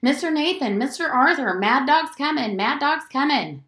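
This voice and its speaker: A woman's voice: medium pitch, very animated, moderate pace, roomy sound, natural voice. A woman reading aloud and voicing a stern, worried Southern housekeeper who scolds and calls out firmly in dialect. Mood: urgent.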